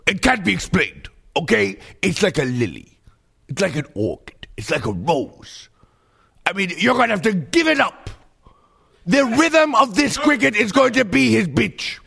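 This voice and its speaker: A man doing a campy, gravelly diva performer. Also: high voice, sing-song, a little slow, pitched above the performer's own voice, full character voice. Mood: grandiose. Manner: campy, theatrical, sassy with sudden loud outbursts. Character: flamboyant diva nightclub performer, grand and self-absorbed. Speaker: comedy podcast host. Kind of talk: comedic sketch impression.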